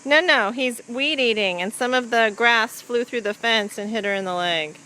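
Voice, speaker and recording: A woman's voice: a little high, moderate pace, pushed and bright, slight background noise, low-quality recording. A woman in a backyard by the pool, coaxing and soothing her young children in a home video. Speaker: parent.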